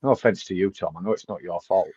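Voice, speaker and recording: A man's voice: sits low, quick pace, warm tone, husky, no room sound, highs cut off. A man co-hosting a casual football podcast, blunt and sweary, mock-ranting. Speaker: podcast co-host.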